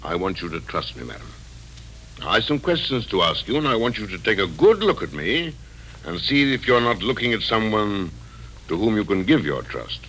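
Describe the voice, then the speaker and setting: A shrewd police detective in a 1940s radio drama. He asks his questions in a dry, probing and quietly reassuring way, and his pitch moves up and down a great deal. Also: sing-song, normal speed, poor audio. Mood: firm. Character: shrewd, wry middle-aged police detective.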